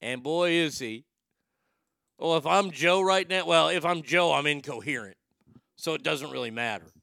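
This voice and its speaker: A man with a high, gravelly voice that still comes through crisp and clean. He riffs on the news in a sarcastic, rambling way, swearing freely as he goes. The sound is close and dry, with no room around it. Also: moderate pace, pushed and bright, no echo. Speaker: show host. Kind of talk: profane comedic news commentary.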